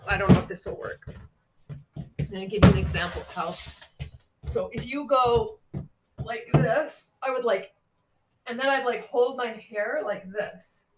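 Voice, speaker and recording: A woman's voice: mid-range voice, heavy background noise. Blunt, candid woman vlogger. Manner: candid, blunt, swears freely, laughs at herself. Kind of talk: casual chat walking through examples.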